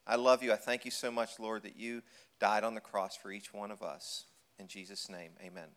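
Male guest speaker, reverent prayer, smooth resonant voice, lowish pitch. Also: fairly even intonation, moderate pace, a bit bright. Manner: earnest, reverent.

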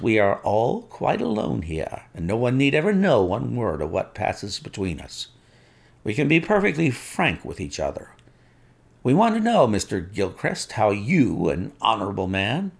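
A man voicing a calm, suave male detective who speaks in a measured, firm way. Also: fairly low pitch, vocal fry, breathy edge, exaggerated voice. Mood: probing.

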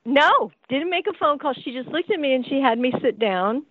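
A woman's voice: high-pitched, normal speed, a crowd in the background. A woman recalling her early acting career as an interview guest, telling it animatedly with laughter and acted-out voices, heard over a tinny phone-like line. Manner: acts out quoted voices, frequent laughter, lively restarts. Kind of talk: animated anecdotal storytelling. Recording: tinny phone-like dry sound.

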